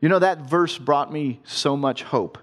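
Unhurried and fairly bright, with a fairly high pitch, a father from Ohio tells a story about his faith. He keeps it conversational and earnest, with self-deprecating laughs, as it becomes a devotional talk.

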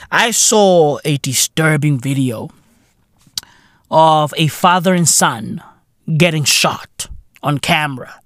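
A man's voice: fairly high pitch, no echo, studio quality. Profane slangy man ranting on a podcast. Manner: profane, slangy, animated, laughs often. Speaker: podcast host. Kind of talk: comedic monologue.

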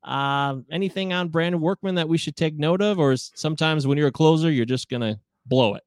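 A man from the American Midwest, co-hosting a casual sports chat, chatty and animated and quick to laugh. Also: on the high side, dry recording, clean studio sound. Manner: chatty and animated, laughs often, leads the questions. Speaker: podcast co-host.

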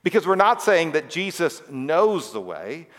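Conversational pastor in a reverberant hall. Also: male voice, on the high side, very animated, unhurried, fairly bright tone. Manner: conversational, frequent "all right?" and "right?" asides. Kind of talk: children's sermon.

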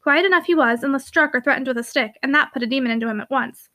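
Fast, high-voiced woman narrating a classic novel. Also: bright, forceful tone. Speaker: audiobook narrator.

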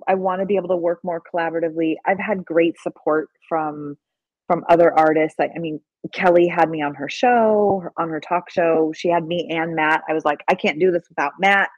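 Excitable woman telling a story, dry sound. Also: on the low side, a little fast, no echo, lo-fi sound. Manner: excitable, acts out quoted dialogue. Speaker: guest filmmaker. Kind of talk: animated storytelling in conversation.

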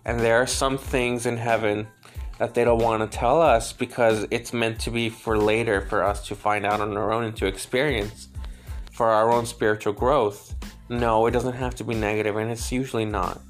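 A man working as a psychic medium, passing on messages in a gentle, halting way, repeating words and laughing now and then. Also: on the low side. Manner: emotional, laughs between lines. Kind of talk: spirit reading, relaying messages.

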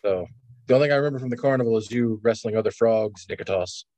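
A man's voice: medium pitch, quick pace, mellow, no room sound. A man playing a tabletop game, hesitant and full of fillers, slipping into goofy in-character lines. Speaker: player. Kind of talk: in-character tabletop role-play.

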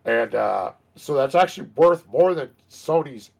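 A man's voice: medium pitch, lively intonation, a little slow, gravelly. A man in his thirties co-hosting a casual gaming chat, rambling with lots of fillers and restarts. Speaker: podcast co-host.

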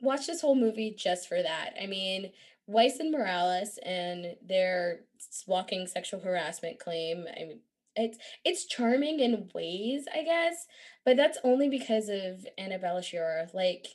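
A woman's voice: medium pitch, lively intonation, a little slow. Gushing, laughing woman podcast host. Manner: enthusiastic, laughing, gushing with fillers. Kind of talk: casual chat about films.

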